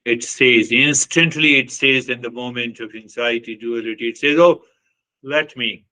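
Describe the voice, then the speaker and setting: A man with a bright, forceful voice gives an earnest spiritual talk. He repeats himself for emphasis and puts pointed questions to his listeners. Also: medium pitch, level tone, normal speed, low-quality recording. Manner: earnest, repetitive, with short laughs and acted quotes. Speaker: spiritual teacher.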